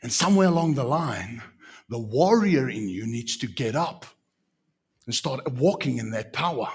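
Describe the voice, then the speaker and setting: A man with a South African accent preaching a sermon in an animated, emphatic way, full of rhetorical questions. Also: mid-range voice, moderate pace, husky.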